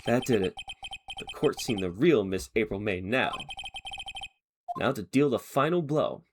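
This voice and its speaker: A man's voice: lowish voice, expressive, measured pace, slight background noise. Phoenix Wright, voiced by a man: an earnest young lawyer. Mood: triumphant. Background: game music.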